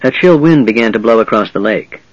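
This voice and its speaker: A man reading a fantasy novel aloud in steady, measured scripted narration. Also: on the low side, dry recording, dull audio. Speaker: audiobook narrator.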